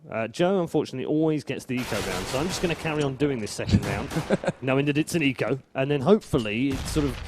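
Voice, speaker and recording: A man's voice: medium pitch, noisy background. A man giving esports play-by-play commentary, wry and bantering.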